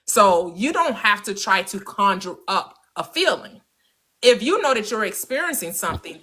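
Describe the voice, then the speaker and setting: A woman with a bright, forceful voice at a middle pitch co-hosts a laid-back talk about mindset. She speaks freely, leans into her stories and laughs often along the way. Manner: relaxed, talkative, laughs often. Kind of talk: casual chat on mindset and manifesting.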